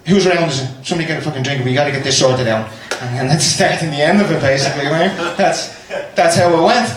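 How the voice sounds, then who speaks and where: In an echoey basement club with faint noise behind him, a man from Ireland does stand-up crowd work, ribbing the audience and cursing without restraint. He talks quickly, in a voice on the high side.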